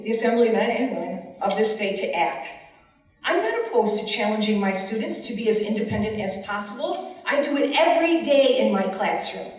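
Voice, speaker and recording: A woman's voice: fairly high pitch, distant mic. Impassioned woman teacher in echoey hall. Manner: earnest, impassioned pleading. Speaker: special education teacher. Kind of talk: public testimony at a legislative forum. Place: large hearing room.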